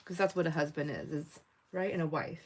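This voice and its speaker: This livestream host, a middle-aged woman, has a slightly low, somewhat mellow voice and talks fairly quickly. She runs a casual craft stream from her table, chatting freely, laughing often and reading comments from viewers aloud.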